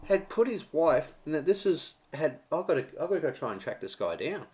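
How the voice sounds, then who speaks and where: A man's voice: on the high side, sing-song, fairly quick, a little mellow. A man with an Australian accent hosting a casual radio show, joking with his co-host and reading out news stories. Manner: chatty, jokey, reads news items aloud.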